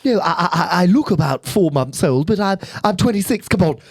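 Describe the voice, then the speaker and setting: A Welsh man voicing a posh, scheming cartoon baby boy in a prim, clipped, high voice. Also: animated, fairly quick, gravelly, no room sound, clean studio sound, heavily acted. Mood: eager. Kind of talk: comic impression.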